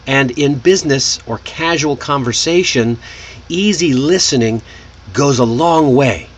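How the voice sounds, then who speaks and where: A man from Texas, teaching an online English pronunciation lesson. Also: mid-range voice. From Texas, United States. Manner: slow, lively, animated delivery.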